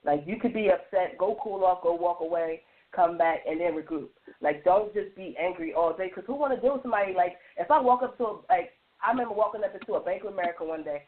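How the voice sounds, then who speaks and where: A woman on a radio panel, telling stories with lively restarts and lots of "like". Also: fairly low pitch, fast talker. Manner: animated storytelling with many restarts and repeated "like". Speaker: roundtable panelist. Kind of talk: casual radio panel chat. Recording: tinny phone-line sound.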